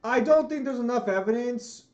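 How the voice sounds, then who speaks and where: A man's voice: very high voice, moderate pace, darkish tone, reverberant, highs cut off. A man streaming a game, giving casual, profane and rambling commentary. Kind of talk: casual let's-play commentary.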